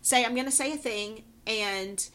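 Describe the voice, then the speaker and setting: A woman co-hosting a podcast in casual chat, laughing often and filling pauses with ums. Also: a little high, a bit bright. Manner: giggly, lots of ums and laughs. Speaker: podcast co-host.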